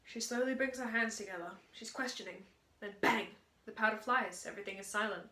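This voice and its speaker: A woman, a drama student, giving a brisk, upbeat school drama presentation. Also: fairly high pitch, sharp tone. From Australia. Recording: echoey room.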